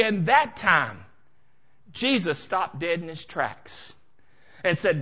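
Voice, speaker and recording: A man preaching a sermon in church, dramatic, dropping to a hush and then rising to shouts. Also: high voice, wildly swooping pitch, slow, long pauses, dull audio. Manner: dramatic, swings from hushed to shouting. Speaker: pastor.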